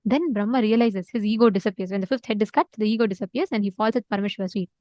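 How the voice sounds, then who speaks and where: A woman teaching an online class who tells a sacred story with lively energy. She uses many filler words and repeats words for emphasis. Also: medium pitch, racing, no echo. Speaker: spiritual teacher.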